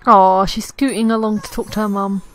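A young woman's mid-range, slightly bright voice moves briskly with fairly even intonation. She's a gaming YouTuber giving casual Let's Play commentary on a life-simulation game, giggling and talking to her characters. She records on a desktop USB mic, with faint game music in the background.

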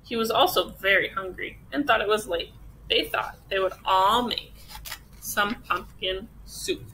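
A woman teacher reading a children's picture book aloud with expressive storytelling. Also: mid-range voice, measured pace, a little hiss or hum, rough recording.

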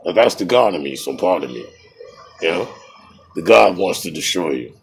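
A man's voice: low voice, lively intonation, moderate pace, slight background noise. A man streaming a game and trading profane, boastful taunts, breaking into laughter at his own jokes. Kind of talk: trash-talking commentary over a game.

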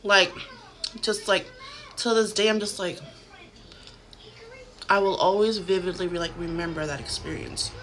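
A woman's voice: lowish voice, steady tone, unhurried, pauses often, fairly bright tone, a little hiss or hum. A woman in her thirties telling a haunting story to a phone camera at home, casual and chatty, full of "like" fillers. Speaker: vlogger.

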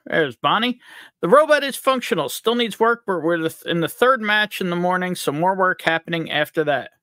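With a high, sharp voice at a moderate pace, a livestream host from upstate New York jokes and greets viewers by reading their chat names. The sound is clean studio audio with no room sound.

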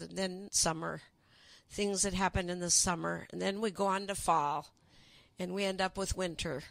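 An older woman reading her own memoir aloud in a gentle, unhurried storytelling way, then chatting about it. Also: lowish voice, vocal fry, no echo. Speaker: author.

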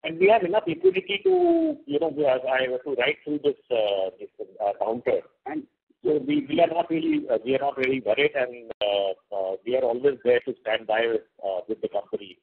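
A man's voice: medium pitch, very animated, fairly quick, vocal fry, husky. Executive man on a phone line. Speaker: company executive. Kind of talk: earnings call answers.

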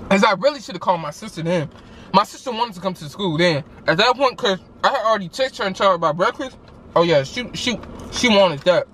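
Man vlogger, high pitch, animated storytime, chatty fillers, faint background hum. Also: fairly quick. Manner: animated, acts out every quote; loose, chatty, many fillers. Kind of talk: casual storytime while eating.

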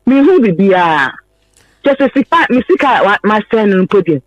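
A woman's voice: mid-range voice, sing-song, moderate pace, dry recording, highs cut off. A woman from Ghana, a caller, earnestly recounting her personal story on a radio phone-in, pleading and repeating herself.

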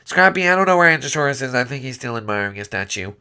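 Mild, bright-toned gravelly young man. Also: mid-range voice, animated, rapid-fire. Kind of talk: comedic game role-play.

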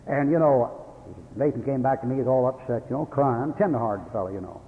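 Fiery older preacher on tinny radio. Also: male voice, medium pitch, brisk. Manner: folksy storytelling with sudden angry outbursts and chuckles. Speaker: Baptist preacher. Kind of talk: folksy fiery sermon. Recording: tinny phone-like old radio broadcast in a hall.

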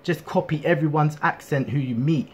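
A man with a slightly husky, somewhat high voice performing a battle rap verse. He mocks and trash-talks his rival bluntly. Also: normal speed. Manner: mocking trash talk. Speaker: battle rapper.

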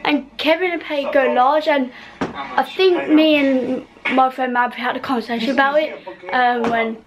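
A woman's voice: high voice, fairly even intonation, unhurried, a crowd in the background, rough recording. A woman from the UK chatting in a rambling vlog at home, full of fillers and trailing off. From United Kingdom. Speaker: vlogger. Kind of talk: casual vlog talk. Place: home bedroom, indoors.

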